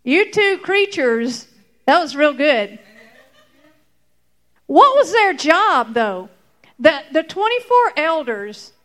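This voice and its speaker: A woman teaching a lively Bible lesson to children, acting out the story with fillers and bursts of excitement. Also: sits high.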